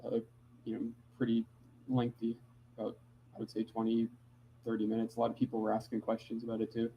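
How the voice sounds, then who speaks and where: A man co-hosting a livestream, chatting in a relaxed, low-key way with dry humor. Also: a little fast, muffled recording, slight background noise. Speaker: livestream co-host. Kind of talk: casual chat.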